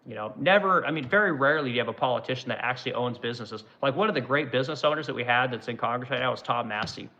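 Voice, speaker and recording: A middle-aged man hosts a livestream and rants with blunt, profane anger. His voice is gravelly and bright. The lo-fi recording dulls the sound. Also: medium pitch, racing, few pauses. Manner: angry, profane, repetitive "right?". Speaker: woodworking livestream host. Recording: dull lo-fi sound.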